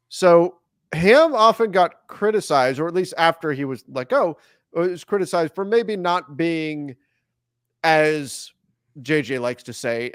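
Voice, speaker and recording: A man's voice: mid-range voice, clear, resonant tone, no echo, studio quality. A man hosting a sports podcast in a conversational, self-deprecating way and steering the talk to the next topic. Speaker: podcast host. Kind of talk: casual sports chat.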